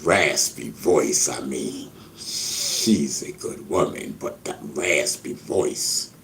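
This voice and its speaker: A man's voice: extremely low pitch, expressive, extremely slow, creaky, a bit bright, slight background noise. A man hosting a casual livestream, reading viewer comments aloud and riffing on them with repeated catchphrases. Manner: reads chat comments aloud, repetitive catchphrases. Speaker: livestream host.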